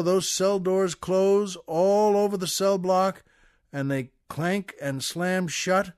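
An older American man hosting a comedy show, telling a long joke with folksy, chuckling asides in a relaxed way. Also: a little high, no echo, studio quality. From United States. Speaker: podcast host. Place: studio.

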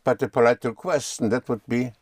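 A man's voice: mid-range voice, steady tone, brisk, a little mellow, breathy edge, no room sound, clean studio sound. A man teaching German in a patient one-on-one lesson, often spelling words out letter by letter.

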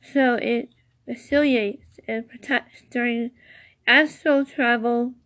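Slow-talking woman, halting and chatty. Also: on the high side, fairly even intonation, a bit bright. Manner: slow, halting reading with many fillers and restarts; enthusiastic, chatty asides. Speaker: podcast host. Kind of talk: casual solo podcast about crystals.

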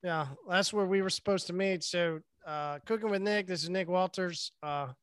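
A man with a notably high voice hosts a laid-back conversation. He tells stories loosely and swears freely. His sound is dry and close, with no room around it. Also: normal speed, a bit bright, smooth, no room sound. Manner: loose, profane storytelling. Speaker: host. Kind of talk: casual podcast chat.

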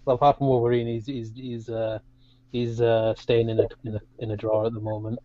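A man's voice: medium pitch, flat delivery, brisk, dark tone, no room sound, lo-fi sound. A man co-hosting a casual podcast chat, talking hesitantly with many restarts.

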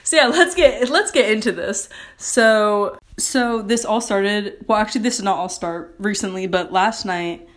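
A woman's voice: medium pitch, steady tone, a little slow. Young woman with a slight lisp. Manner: rambling, self-correcting, sarcastic asides. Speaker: podcast host. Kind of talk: casual solo podcast monologue.

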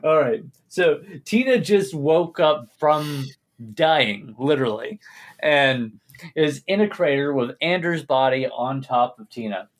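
A man's voice: on the high side, expressive, slow pace. A man narrating as game master of a tabletop role-play podcast, laid-back, with many filler words and chuckles.

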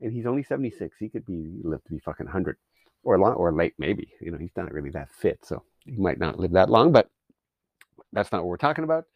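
A man's voice: deep voice, sing-song, quick pace, no echo, dull audio. Sarcastic, swearing Canadian man ranting. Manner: sarcastic, swears a lot, rambling. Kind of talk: profane ranting monologue.

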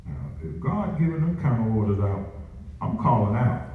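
A man's voice: medium pitch, big pitch swings, moderate pace, narrow, tinny audio, a little hiss or hum. A man preaching a sermon in call-and-response style, chuckling between lines as he drives his points home. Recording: echoey room picked up from a distance, faint ambience.

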